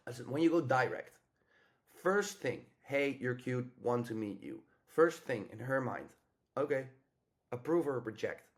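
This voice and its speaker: A man talking through dating advice in a loose, unscripted coaching style. He is blunt and profane, and he slips into quick acted snippets of what to say. His voice sits at an ordinary middle pitch. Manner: blunt, profane, acts out example lines. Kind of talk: casual coaching monologue.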